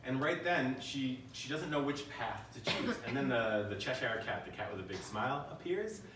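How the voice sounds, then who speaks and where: A man's voice: medium pitch, lively intonation, moderate pace, far from the mic, noisy background. A man giving a live keynote talk, conversational and asking the audience questions. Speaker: keynote speaker. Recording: echoey room, voice from the mic.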